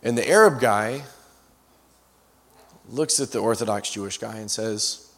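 A man's voice: fairly low pitch, a little slow, fairly bright tone. Male guest preacher, anecdote-heavy sermon, self-correcting asides, long hall reverb. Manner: storyteller with frequent restarts and asides. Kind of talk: storytelling sermon.

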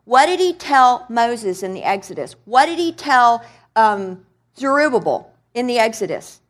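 Lady preacher with a high voice, chatty and lively, keeps quizzing the congregation. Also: a little slow. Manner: conversational, animated, quizzes the audience. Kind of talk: sermon to a congregation.

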